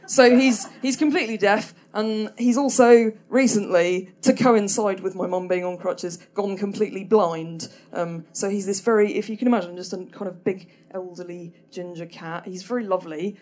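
A woman's voice: mid-range voice, a little mellow. A woman tells a stand-up story in a mid-range voice. She hesitates and restarts a lot, and she is dry and self-deprecating. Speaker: comedian.

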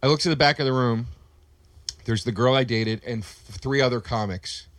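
A man's voice: medium pitch, normal speed, a bit bright, no echo. A male comedian telling a story in casual podcast talk, acting out the quotes with plenty of life.

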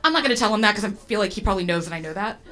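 A woman's voice: mid-range voice, lively intonation, racing, a bit bright. A woman telling a personal story to an audience, chatty and self-deprecating, with lots of fillers and restarts.

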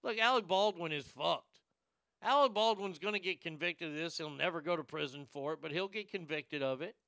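Male host, crude ranting commentary, slightly higher voice, bright forceful tone. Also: a little fast, no echo, clean studio sound. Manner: crude, ranting, loud bursts. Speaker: show host. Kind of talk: profane casual commentary.

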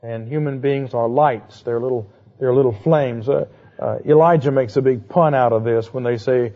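A man giving a conversational Bible lecture, asking quick rhetorical questions and adding playful asides. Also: mid-range voice. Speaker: Bible teacher. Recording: dull lo-fi recording.

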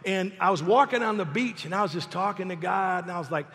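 A middle-aged man preaching a sermon as pastor, animated, swinging between loud emphasis and soft, confiding asides. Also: high voice, fast, creaky, long reverb tail. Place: church sanctuary.

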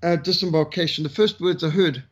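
A man's voice: a little high, fairly quick, husky. A South African man in his sixties, a missionary speaker telling his life story in a conversational way, with frequent fillers. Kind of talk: testimony talk, storytelling.

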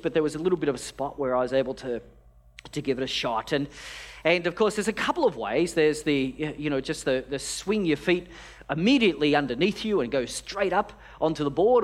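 A man in his forties delivers a sermon by recounting a personal story. He speaks in a conversational, unpolished way, often restarting his phrases. His voice sits a little higher than most men's. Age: 40s. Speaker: pastor.

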